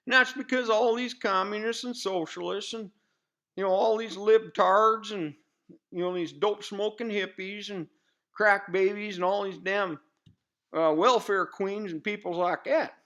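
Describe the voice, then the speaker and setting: A man playing a loud-mouthed, bigoted redneck commentator with a rural Southern US accent, rambling in a folksy drawl full of fillers on a comedy news show. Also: high-pitched, fairly even intonation, unhurried, exaggerated voice. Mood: ranting. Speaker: satirical news pundit. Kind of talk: comedic character monologue.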